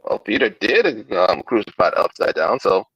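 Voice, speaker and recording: A man reacting loudly in casual chat, a bit off the microphone. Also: fairly low pitch, big pitch swings, normal speed, breathy edge, dry recording, highs cut off.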